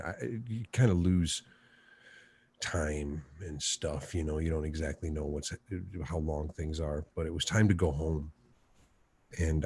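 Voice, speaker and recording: A man telling a story in a casual chat, full of laughter and swearing. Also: low voice. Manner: laughing, profane, animated storyteller. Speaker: podcast guest.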